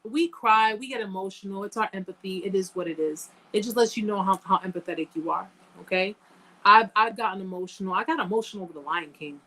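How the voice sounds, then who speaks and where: A woman's voice: mid-range voice, fast talker, fairly bright tone, low-quality recording. A woman hosting a live chat, talking casually and emphatically to viewers, repeating phrases for effect and thanking them by name. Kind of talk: casual livestream talk to viewers.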